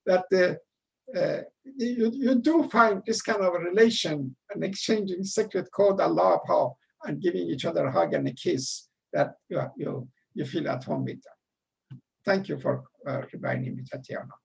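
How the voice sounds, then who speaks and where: An older man with a heavy Persian accent tells a long personal story. His voice is gravelly and a little raspy. He pauses often, filling the gaps with hesitant sounds. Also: high-pitched, rough recording. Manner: halting, many uh fillers, animated when quoting. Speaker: guest storyteller. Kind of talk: casual spoken anecdote.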